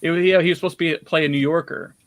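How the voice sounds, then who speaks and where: A man's voice: on the high side, steady tone, racing, dry recording. A chatty man from Kentucky hosts a casual filmmaking interview and laughs easily. His voice sounds close and dry, with no room around it.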